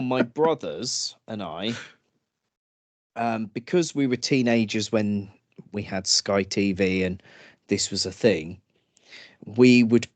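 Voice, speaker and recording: A man co-hosting a casual podcast, telling stories slowly and laughing often. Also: on the low side, no echo. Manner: slow, laughing storytelling with acted drunk voices. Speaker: podcast co-host. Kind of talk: casual chat.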